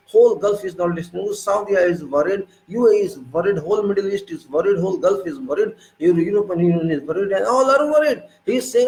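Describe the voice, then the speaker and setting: A man's voice: high-pitched, creaky, a little mellow, roomy sound, poor audio. A man from India giving an emphatic, unscripted political monologue, firing off rhetorical questions. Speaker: political commentator.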